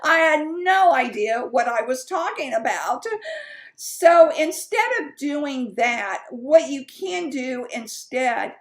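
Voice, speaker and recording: A woman's voice: high-pitched, lively intonation, takes it slowly. A woman sales coach teaching in a chatty, candid way, with fillers and asides. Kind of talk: casual teaching talk.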